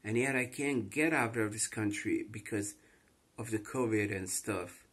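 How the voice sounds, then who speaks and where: A man's voice: on the low side, a little slow, a bit bright, breathy edge. A man with a Croatian accent, distressed, rambling and repeating himself in an emotional confessional vlog monologue. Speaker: vlogger.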